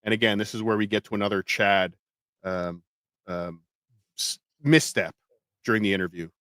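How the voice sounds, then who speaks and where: Podcast host dude, bright forceful voice, playful, dry mic. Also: male voice, fairly low pitch, fairly even intonation, normal speed, no room sound. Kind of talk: casual reaction chat.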